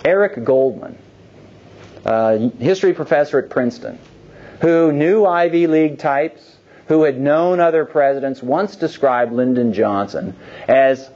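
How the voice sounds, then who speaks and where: Lively, husky-voiced man lecturing. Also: medium pitch, dull audio. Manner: lively, digressive, wry asides. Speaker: guest lecturer. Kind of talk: public history lecture.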